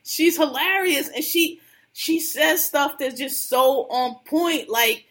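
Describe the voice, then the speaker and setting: A woman's voice: sits high, takes it slowly, fairly bright tone. A woman co-hosting a casual podcast, gossiping bluntly about reality TV with lots of slang and laughter. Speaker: podcast co-host.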